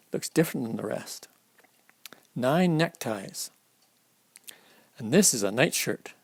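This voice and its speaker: A man with a medium-pitched, creaky voice reads an alphabet picture book to children at storytime, stopping to talk about the illustrations. No room sound is audible.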